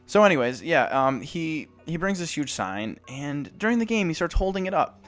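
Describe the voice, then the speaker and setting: Young adult male host, self-conscious, rambling delivery, lively pitch, faint music underneath. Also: normal speed, hardly any pauses. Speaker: sports report host. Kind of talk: casual storytelling then reading sports news.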